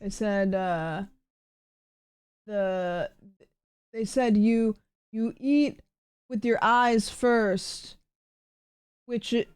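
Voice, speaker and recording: A young adult woman with a hoarse, put-on smoker voice, chatting playfully and rambling through jokes on a live stream. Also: mid-range voice, fairly even intonation, drawn-out words, long pauses, a little mellow, dry recording. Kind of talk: casual live-stream chat.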